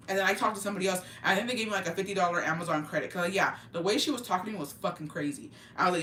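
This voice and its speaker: A young woman from Oaxaca, Mexico, chatting casually and profanely with her live-stream viewers in an animated, slangy way. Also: lowish voice, very fast, a little hiss or hum. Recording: roomy, mic at a distance.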